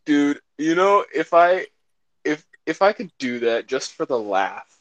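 High, animated young man joking. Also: unhurried, no echo, muffled recording. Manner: giggly, animated, jokey. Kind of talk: casual chat among friends.

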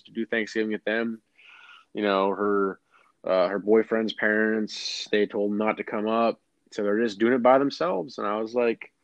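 A man co-hosting a podcast, telling a story in casual chat with lots of restarts and animated asides. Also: fairly low pitch, no room sound, highs cut off. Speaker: podcast co-host.

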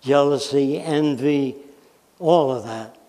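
A man's voice: medium pitch, slow pace, warm tone. An American man giving a blunt, emphatic public lecture, making his points with examples and questions. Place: lecture hall. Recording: reverberant hall.

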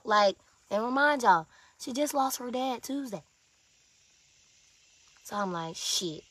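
A woman's voice: a little high, animated, slow, long pauses, fairly bright tone, no room sound. A young woman telling her viewers a story in a casual, blunt and profane way, with lots of emphasis.

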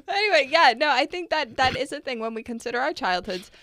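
A woman's voice: high voice, expressive, a bit bright. Earnest woman podcast co-host. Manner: earnest, reflective, quick to laugh. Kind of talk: casual podcast chat.

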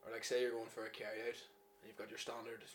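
A man's voice: lowish voice, level tone, very fast, a little hiss or hum. A Northern Irish man in his twenties, a podcast guest chatting casually with dry, teasing humour. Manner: dry, teasing, laid-back. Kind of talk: casual chat.

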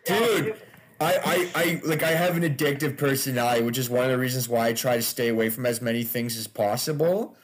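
A man's voice: mid-range voice, brisk. A man, a stand-up comedian, chatting casually as a podcast guest, loose and laughing, with frequent swearing.

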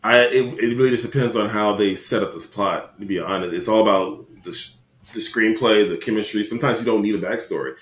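A man's voice: lowish voice, a little fast. A young man co-hosting a podcast, bantering casually and teasing his friend with playful indignation. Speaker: podcast co-host. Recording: roomy echo.

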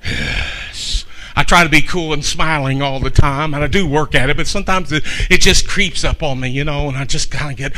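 An older man preaches with fire, his voice pitched high and very bright. He drops to hushed asides, then builds up to shouting. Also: moderate pace, slight background noise. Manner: fiery, swings from hushed to shouting. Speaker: pastor. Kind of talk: sermon.

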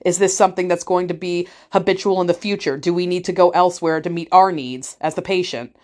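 Blunt, fast-talking mom with a lowish voice who vents in casual vlog style and does voices for the people in her story. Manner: blunt, profane, acts out other people's voices. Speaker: parent telling a story.

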